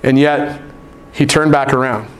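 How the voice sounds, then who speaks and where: A man preaching a sermon in a church. He moves from earnest appeals to relaxed family stories told to the congregation. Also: medium pitch, measured pace, slight background noise. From United States. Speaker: pastor. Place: church sanctuary.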